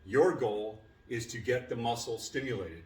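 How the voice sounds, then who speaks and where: A man's voice: mid-range voice, normal speed, far from the mic. Male fitness trainer, casual coaching, winded; echoey space, off-mic. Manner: plain-spoken coaching, frequent fillers. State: winded after a workout. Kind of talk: casual workout instruction. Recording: echoey room, voice from afar.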